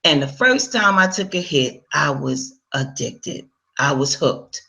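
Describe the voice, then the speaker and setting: A woman's voice: deep voice, lively intonation, takes it slowly, vocal fry, pushed and bright. A woman giving a personal testimony in a conversational storytelling manner, speaking straight to her listeners and acting out her own past dialogue.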